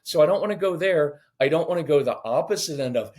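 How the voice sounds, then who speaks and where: A man on a parenting podcast, talking in a lively, conversational teaching way, acting out quoted voices and joking now and then. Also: on the high side, a little fast, few pauses. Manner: animated, acts out quoted voices, jokes.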